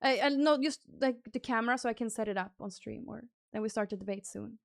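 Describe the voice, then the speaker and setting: A young woman streaming live, chatting casually and squealing excited thanks to donors. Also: a little high, quick pace, vocal fry, no echo, studio quality.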